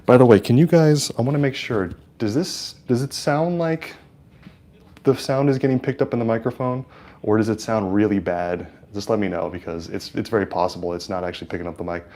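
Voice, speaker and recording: A man's voice: on the low side, a little mellow. A man from California hosting a casual live stream with a lapel mic, chatting with viewers and calling the plays, with lots of fillers. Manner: chatty, hesitant with many fillers, hyped at plays. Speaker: livestream host. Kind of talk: casual live-stream chat and game commentary.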